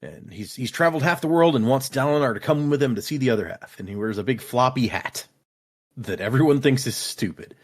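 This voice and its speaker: Animated man casually recapping a book. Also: medium pitch, brisk. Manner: animated, recaps scenes with lively acted-out quotes. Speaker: podcast co-host recapping a book. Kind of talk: casual book club chat.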